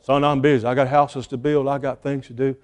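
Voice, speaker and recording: A man's voice: medium pitch, little pitch movement, fairly quick, voice pushed down, natural voice. A preacher voicing his older father, a bossy master house builder who takes charge. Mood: dismissive.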